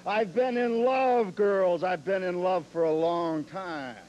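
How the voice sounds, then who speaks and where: A man's voice: high-pitched, slow, a little mellow, muffled recording, slight background noise. A man cutting a boastful wrestling promo, cocky and mocking, laughing at his own jokes.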